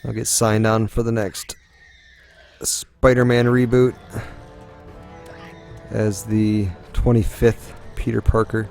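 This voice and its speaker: A man's voice: lowish voice, little pitch movement, slow pace, gravelly, long pauses, darkish tone, faint music behind. A young man giving rambling let's-play commentary, musing aloud with lots of ums as he plays. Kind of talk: gaming commentary.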